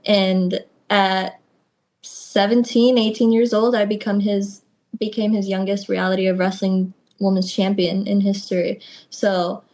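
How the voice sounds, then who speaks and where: A young woman, a wrestler guest on a video call, telling her stories in a lively way and acting out what people said. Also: medium pitch, unhurried. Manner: lively storytelling, acts out quotes. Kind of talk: casual interview.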